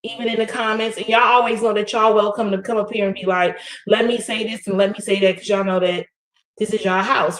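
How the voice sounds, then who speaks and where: A woman co-hosting a livestream, chatting loosely and directly to her viewers. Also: medium pitch. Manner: loose, talky, addresses the audience directly. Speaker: livestream co-host. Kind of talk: casual chat to viewers. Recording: roomy echo.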